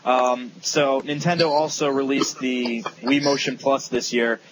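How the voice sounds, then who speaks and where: A man's voice: medium pitch, fairly even intonation, a little slow, background noise. A young man co-hosting a casual gaming podcast, rambling with lots of fillers and teasing his friends. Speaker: podcast co-host.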